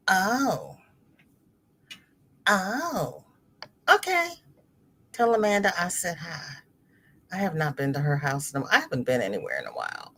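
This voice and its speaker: A middle-aged woman runs a crochet livestream, chatting easily with viewers and reading their comments out loud, expressive and talkative with sudden exclamations. Her husky voice sits fairly low, and she keeps a measured pace with frequent pauses.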